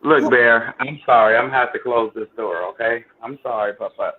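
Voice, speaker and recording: A man's voice: medium pitch, fairly even intonation, a little fast. A man, chatting casually as co-host in a laid-back, colloquial way with short agreeing replies. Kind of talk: casual chat. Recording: tinny phone-like line with faint noise.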